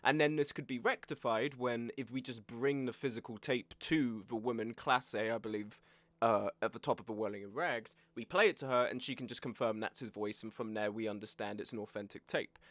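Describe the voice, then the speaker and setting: A man's voice: medium pitch, fairly even intonation, fairly quick, a bit bright, dry recording. A young man with a sore throat streaming a game, chatting wryly and reading chat aloud while he eats. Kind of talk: casual game stream commentary.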